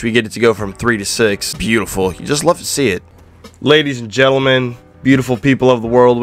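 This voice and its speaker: Hyped young man doing gameplay commentary. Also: medium pitch. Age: young adult. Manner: hyped, slangy, playful trash talk. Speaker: gaming YouTuber. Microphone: desk microphone.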